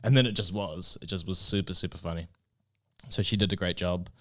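A man co-hosting a casual chat show, telling a story in a relaxed, rambling way with plenty of fillers. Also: low voice, fairly quick. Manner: easygoing, rambling anecdotes with many fillers. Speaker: comedy club co-owner and podcast co-host. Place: comedy club in Barcelona.

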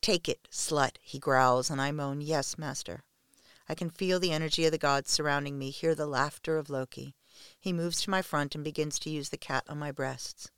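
A man reading a first-person story aloud in a slow, hushed, measured way. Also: fairly high pitch, steady tone, smooth, no room sound, studio quality.

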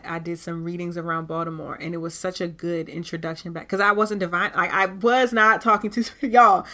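Bright, candid woman podcast host. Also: fairly low pitch. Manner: animated and candid, with frequent cursing. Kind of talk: casual spiritual talk.

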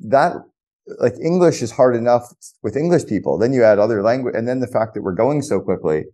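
A man's voice: mid-range voice, animated, fairly quick, dark tone. A man hosting an interview podcast, casual and blunt, swearing freely as he asks questions. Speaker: podcast host. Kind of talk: conversational interview.

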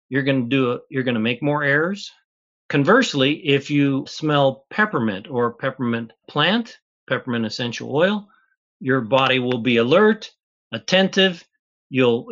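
A man's voice: mid-range voice, a bit bright, lo-fi sound. A man, a chemist guest on an interview, patiently explaining step by step in plain words.

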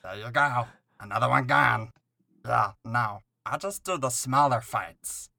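A man voicing a gentle, chatty rock creature gladiator with a soft, meandering delivery. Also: mid-range voice, animated, a little slow, creaky, no echo, heavily acted. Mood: mild.

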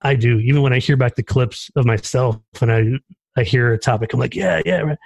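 A man from Texas, a guest on a podcast, talks in an easygoing, thoughtful way, working through his questions out loud. His mid-range voice is recorded close and dry, with no echo around it. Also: mid-range voice, fairly quick. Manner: relaxed, thoughtful, asks for advice. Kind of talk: casual chat.

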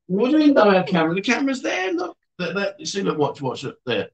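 A man's voice: sits high, wildly swooping pitch, quick pace, creaky. A man hosting a casual livestream, reading out viewer comments and teasing his guests. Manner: joking, teasing, chatty. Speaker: livestream host. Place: bar or venue indoors.

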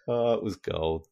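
Deep aussie guy rambling about games on a podcast, lots of ums, dry close sound. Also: dry recording. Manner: chatty, laughs often, frequent ums. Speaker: podcast co-host. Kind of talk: casual gaming chat.

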